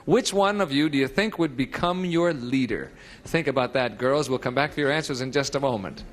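A man's voice: medium pitch, fairly quick. A man in his thirties hosting a 1970s TV game show, bouncy and chatty, laughing often. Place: TV studio with audience. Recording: noisy 1970s TV audio, studio audience.

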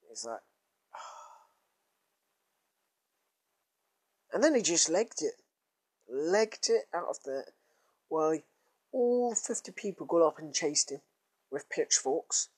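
Slow, husky man telling a story. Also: fairly high pitch, very animated. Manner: rambling, crude, drawn-out groans. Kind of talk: casual comic storytelling.

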